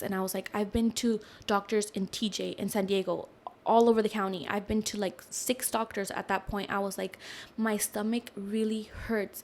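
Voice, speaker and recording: On a podcast, a young female guest recounts something from her own life in a loose, lively way thick with filler words. Her voice goes lower when she imitates other people, and there's a faint hiss or hum behind her.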